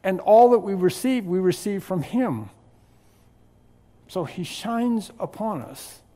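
A pastor delivers a verse-by-verse sermon, his voice sitting a little high for a man. He leans hard on key words, stretching them out for weight. The sound carries a long, ringing hall reverb. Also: expressive, mellow. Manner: emphatic, drawn-out stresses on key words. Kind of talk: expository sermon.

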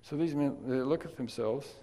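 Male preacher, gravelly, talky asides rising to forceful emphasis, in a reverberant hall. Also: medium pitch, normal speed. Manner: conversational, swings from quiet asides to emphatic loud stresses. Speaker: pastor. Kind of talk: sermon. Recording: long reverb of a large hall.

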